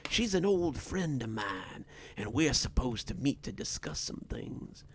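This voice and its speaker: A man voicing a tall, inhuman male creature who makes deals, speaking in a hushed, creeping whisper. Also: medium pitch, very animated, unhurried, a little hiss or hum. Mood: sinister whisper.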